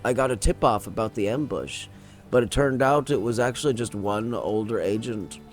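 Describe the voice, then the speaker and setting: Guy reading as a secretive agent, friendly and admiring, reads it out pretty plainly and trips over a word here and there, voice in a middle pitch. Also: normal speed, faint music behind, lightly acted. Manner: reads dialogue aloud with small stumbles.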